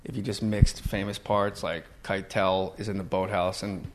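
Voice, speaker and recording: A comedian hosting a casual podcast chat, talking shop about impressions. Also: male voice, low voice, normal speed, slight background noise. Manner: lively, slips into movie impressions.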